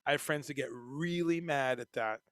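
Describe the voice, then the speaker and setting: A man hosting a casual livestream, reading chat comments and talking in a profane, animated way. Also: mid-range voice, normal speed, dry recording, studio quality. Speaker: livestream host.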